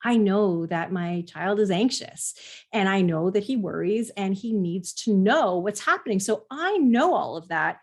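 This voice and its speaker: Middle-aged woman, parenting coach, earnest, explanatory, conversational, mid-pitched voice. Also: animated, measured pace, a little mellow. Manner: earnest, explanatory, acts out quoted parents and kids. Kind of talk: conversational teaching monologue.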